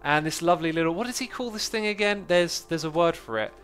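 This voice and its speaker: Man, jokey gaming livestream host, lively rising and falling voice, slightly high pitch, faint game music behind. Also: quick pace, clear, resonant tone. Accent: British. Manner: cheerful, jokey, animated. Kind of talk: casual gaming livestream chat.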